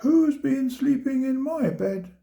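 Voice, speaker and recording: A man's voice: extremely high pitch, lively intonation, takes it slowly, creaky, warm tone, muffled recording, voice pushed up, full character voice. A man voicing a plump middle-sized mother bear in a storybook, in a raised, prim voice. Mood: indignant.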